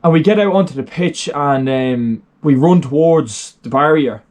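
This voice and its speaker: A man's voice: on the high side, moderate pace, a little mellow. A young Irish man telling a story in a casual, rambling way, full of fillers and swearing. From Ireland. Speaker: vlogger.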